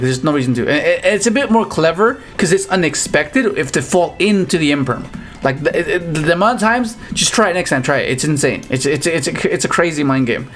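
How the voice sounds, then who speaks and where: A man giving casual, rambling commentary on his own card game matches, with frequent restarts and excited outbursts. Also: on the high side. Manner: rambling, restarts often, animated exclamations.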